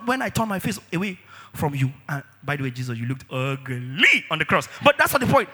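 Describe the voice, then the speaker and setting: A male preacher with a very husky, raspy voice sitting high in his range. His tone is bright and tense, and he repeats phrases for emphasis as his voice climbs to shouts and drops to quiet lines. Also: fast talker. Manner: animated, swings from shouting to low and intimate. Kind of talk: sermon.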